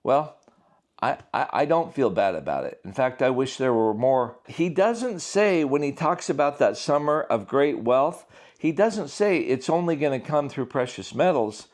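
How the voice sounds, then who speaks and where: An earnest man talks through his views in a loose, unscripted monologue. His voice sits at an ordinary mid pitch, and he leans hard on key points with steady conviction. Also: measured pace. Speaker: author and prophecy commentator. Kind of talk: casual spoken monologue.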